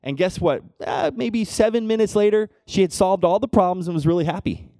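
A middle-aged man preaching a sermon, conversational, often checking in with the congregation with "right?" and dropping to a hush for personal stories. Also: brisk, no room sound, studio quality. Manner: drops to a hushed low voice when telling personal moments. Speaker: pastor.

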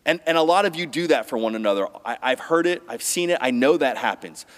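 A man's voice: mid-range voice, expressive, fast. A middle-aged man preaching a sermon as pastor, talking conversationally with restarts and building emphasis. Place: church sanctuary. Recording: long hall reverb.

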